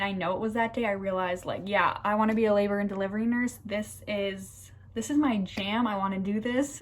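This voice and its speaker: A woman's voice: mid-range voice, a little mellow. A young woman in her twenties, a nursing student, telling a personal story in a casual vlog, gushing and enthusiastic with lots of fillers. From United States.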